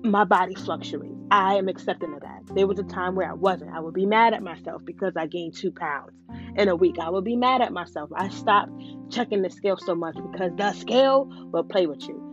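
A woman's voice: lowish voice, fairly quick. A woman talking frankly and casually to her viewers, often saying "you know". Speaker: vlogger. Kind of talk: casual talk to camera. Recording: dull lo-fi sound. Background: guitar music playing.

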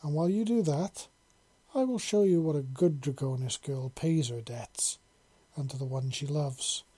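A man reading the part of a sultry, eager female dragon-woman who purrs and teases softly. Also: a little high, a little slow, husky. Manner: purring, soft and teasing.

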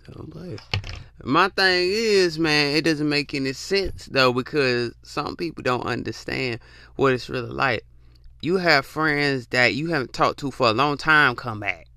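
A man's voice: medium pitch, a little slow, sharp tone, clean tone, no echo, studio quality. A young man ranting in a blunt, profane, slangy monologue, repeating himself for emphasis. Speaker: podcast host. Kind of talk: casual monologue rant.

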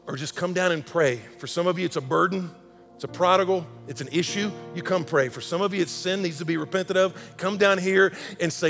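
A man preaching a sermon, impassioned, swinging between loud emphasis and hushed intensity. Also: on the high side, gravelly. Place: large church sanctuary. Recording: long hall reverb.

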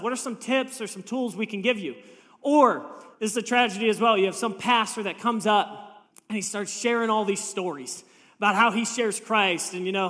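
A man's voice: very high voice, sharp tone, in a large hall. A man preaching a sermon as pastor, telling humorous stories and acting out the voices he quotes. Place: church sanctuary.

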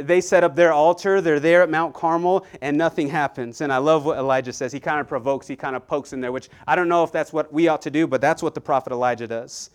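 Male pastor, lively sermon delivery, smooth resonant voice, slightly high. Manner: animated preaching with frequent repetitions and asides to the congregation.

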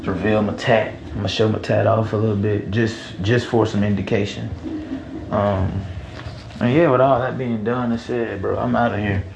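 A man's voice: fairly low pitch, steady tone, moderate pace, gravelly, background noise. A man in his twenties hosting a podcast, rambling casually with slang and swearing, in an echoey room. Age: 20s. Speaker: podcast host. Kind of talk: casual chat.

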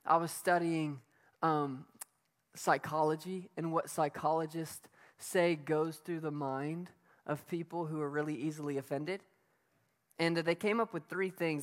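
A preacher giving a sermon in an emphatic, conversational way, asking the listeners rhetorical questions. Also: medium pitch. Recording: long reverb of a hall.

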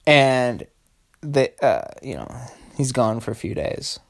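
A man's voice: mid-range voice, very animated, slow, creaky. A man hosting a solo comedy podcast, rambling crudely with lots of swearing and laughter. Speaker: podcast host.

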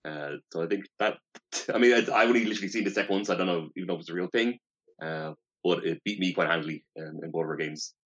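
A man in a casual card-game chat, telling stories in a quick, animated way. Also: deep voice, breathy edge. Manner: quick, animated storytelling with laughs. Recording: dull lo-fi mic.

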